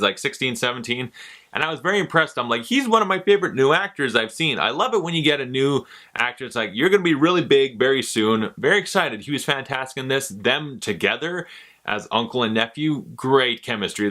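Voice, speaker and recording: A young man talks through a movie review in a relaxed, offhand way. He drops sarcastic asides and casual swearing. His tone is bright and sharp at a middling pitch.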